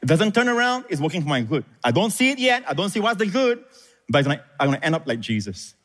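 Male pastor, emphatic call-and-response preaching, lively delivery, echoing hall. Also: on the high side, fast talker. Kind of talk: sermon. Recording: reverberant hall.

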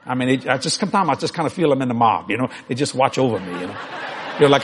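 An older man, preaching a storytelling sermon that acts out dialogue and climbs toward near shouts. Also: mid-range voice, lively intonation, fast talker, slight background noise.

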